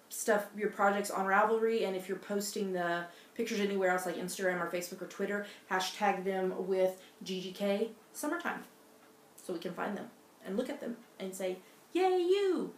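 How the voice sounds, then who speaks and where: A middle-aged woman co-hosting a casual knitting podcast with her daughter, chatting in a rambling way with many fillers and restarts. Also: mid-range voice. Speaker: podcast co-host, mother. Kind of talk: casual chat. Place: home in Scotland. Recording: roomy echo, faint noise.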